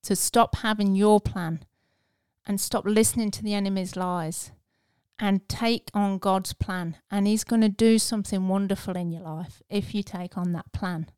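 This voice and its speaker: A woman hosting a devotional podcast, speaking earnestly and encouragingly and dropping to a hush at tender moments. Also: mid-range voice, steady tone, a little slow, smooth, no echo, clean studio sound. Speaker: podcast host.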